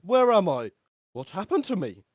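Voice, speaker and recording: A man's voice: sits high, sing-song, normal speed, no room sound, clean studio sound, pitched above the performer's own voice. Man putting on a hammy fake-French dazed adventurer. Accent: deliberately bad fake French.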